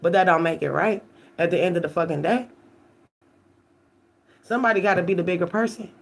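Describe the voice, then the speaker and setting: A woman's voice: on the low side, a little fast. A woman tarot reader giving an emphatic, profane live-stream monologue, often checking in with "okay?".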